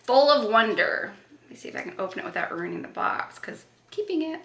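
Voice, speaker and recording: A woman's voice: on the high side, very animated, fairly quick, gravelly, fairly bright tone. A woman doing a casual makeup unboxing, chatty and gushing, with gasps and self-corrections. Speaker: beauty vlogger. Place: echoey room. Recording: roomy echo.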